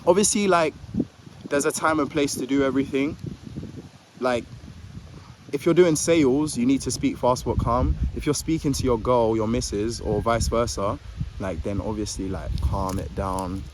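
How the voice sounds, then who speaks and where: With a phone or camera pointed at him in a park, a young man offers laid-back advice in a medium-pitched voice at a moderate pace. Rambling, slightly jittery, and stammering over words, he fills gaps with "like" again and again amid outdoor street noise and passing traffic.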